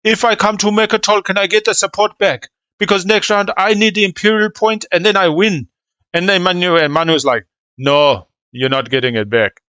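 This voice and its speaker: Excitable South African man commentating. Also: high voice, fairly quick, clean tone, no room sound. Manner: excitable, chatty, slangy with "mate" and "man". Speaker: game commentator. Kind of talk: live board game commentary.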